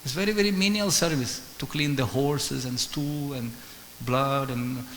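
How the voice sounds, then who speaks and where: A man giving a sermon as a guest speaker, telling stories in an animated way, acting out dialogue and chanting Sanskrit verses. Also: medium pitch, a little slow. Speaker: guest speaker at a temple class. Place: temple hall. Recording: echoey temple hall with faint hiss.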